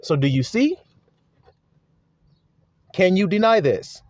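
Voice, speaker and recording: A man's voice: sits high, very animated, takes it slowly, no echo. A man preaching a sermon to his flock, repeating key words like a chant and firing rhetorical questions. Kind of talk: sermon teaching. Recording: dull lo-fi dry recording.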